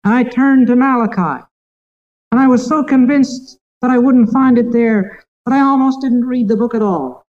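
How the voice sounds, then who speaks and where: A preacher giving a sermon in an earnest, tender way, stretching key phrases slowly for emphasis. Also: mid-range voice, a little mellow, dull audio.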